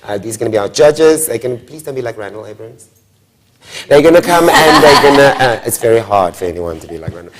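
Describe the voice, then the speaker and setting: Brief: South African man, show host, playful teasing banter, mid-pitched voice. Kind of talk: lively studio show hosting.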